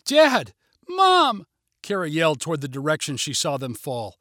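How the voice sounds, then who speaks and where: A man reads an adventure story aloud in a measured, steady narration. His voice sits somewhat high for a man. The recording is dry and close, with no room sound. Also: dry recording.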